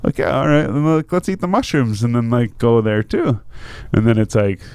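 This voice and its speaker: A man hosting a podcast, telling a wild story in a casual, animated way with lots of swearing and laughter. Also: mid-range voice, normal speed, clean tone, no echo. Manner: animated, laughing, swears a lot, acts out voices. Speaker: podcast host.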